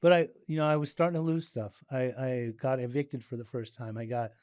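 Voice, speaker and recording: A middle-aged man from Southern California, a guest in a casual interview, telling his story with animated delivery and acting out the dialogue. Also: mid-range voice, brisk, clean tone, no room sound, clean studio sound. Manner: animated, acts out dialogue, frequent "like" and restarts.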